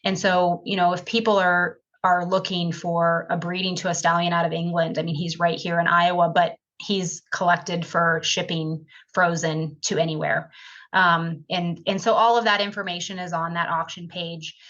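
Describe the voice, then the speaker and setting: A woman chats as a podcast guest over a video call. She rambles through her stories with a bright, forceful edge. The sound is dull and lo-fi, like compressed call audio. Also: level tone, moderate pace. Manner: chatty, rambling, acts out quoted dialogue with big pitch jumps. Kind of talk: casual storytelling interview.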